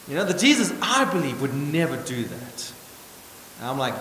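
Lively, high-voiced preacher in an echoey church. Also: male voice, moderate pace. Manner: emphatic, wry asides, swings from loud to hushed. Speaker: pastor. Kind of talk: sermon. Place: church hall. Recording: echoey church hall with hiss.

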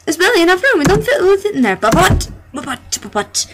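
A woman's voice: extremely high pitch, big pitch swings, fast, background noise. A woman playing through a game and reading its dialogue aloud with melodramatic voices, laughing between lines. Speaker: let's play gamer voicing game dialogue. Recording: game music playing behind.

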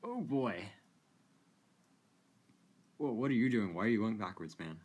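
A man's voice: on the low side, expressive, quick pace, a little mellow, husky. Laid-back man doing game commentary. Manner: amused, chatty, laughs often. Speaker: gaming video creator. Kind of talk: casual gameplay commentary.

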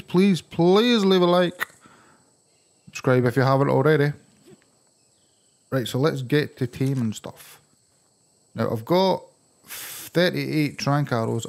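A man with a Scottish accent giving excitable let's-play commentary as he plays, breaking into surprised exclamations. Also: medium pitch. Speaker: gaming channel host.

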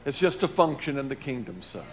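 A man preaching and telling a personal testimony, swinging between loud emphatic lines and hushed low ones. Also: sing-song, a little fast. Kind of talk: testimony sermon.

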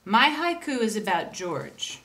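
A woman's voice: medium pitch, sing-song, a bit bright. A woman teacher giving a recorded lesson, talking patiently and counting out syllables step by step. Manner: slow, patient, spells out syllables.

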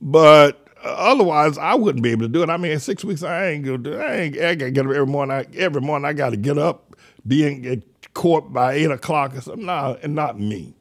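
An older man with a somewhat high voice rambles through sardonic political commentary. He trails off into asides, restarts his sentences and mocks as he goes. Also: expressive, fast talker, a bit bright. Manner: mocking, sardonic. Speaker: radio show host.

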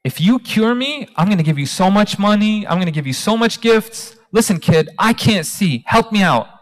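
A man's voice: high-pitched, expressive, moderate pace. A man voicing a blind royal courtier who pleads and wheedles, offering money. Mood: pleading. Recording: long hall reverb.

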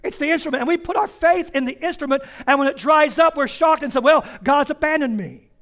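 A male pastor preaching a sermon in a church, driving points home with repeated phrases and slowing down to stress key words. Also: very high-pitched, a bit bright. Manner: emphatic repetition, slows down for stress. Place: church sanctuary.

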